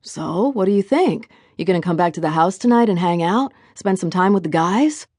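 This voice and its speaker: A woman's voice: on the low side, lively intonation, normal speed, no room sound, studio quality. A woman doing a charming, easygoing young man. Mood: coaxing. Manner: warm, coaxing, teasing.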